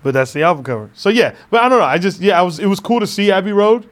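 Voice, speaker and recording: A man's voice: high-pitched, lively intonation, quick pace. A man chatting casually as a podcast co-host, laid-back, laughing often and swearing now and then. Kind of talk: casual chat.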